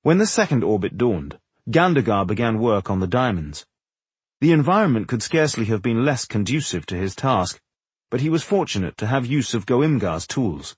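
A man narrating a fantasy audiobook in a measured, expressive storytelling manner. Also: mid-range voice, slightly rough, no room sound. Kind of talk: scripted narration.

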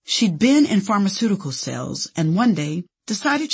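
A woman's voice: mid-range voice, sing-song, moderate pace, breathy edge. A woman from Indianapolis, an actress, narrating her own memoir in a candid, playful storytelling manner. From Indianapolis, USA.

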